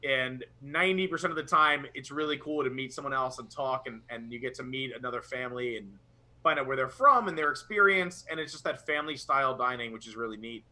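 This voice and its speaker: A man's voice: medium pitch, fast talker, pushed and bright. A young man co-hosting a casual live chat, talking with rambling enthusiasm. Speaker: podcast co-host.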